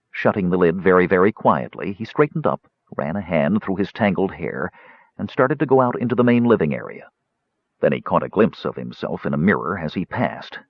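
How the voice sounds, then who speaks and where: A man narrating a fantasy audiobook in a varied, expressive storytelling manner. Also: low voice, breathy edge, dry recording. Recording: dull dry studio recording.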